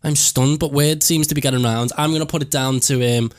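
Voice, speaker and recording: A young man with a Liverpool accent, co-hosting a casual podcast with quick, jokey banter. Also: mid-range voice. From England. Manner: jokey, quick banter with sudden excited jumps. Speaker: podcast co-host. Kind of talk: casual chat.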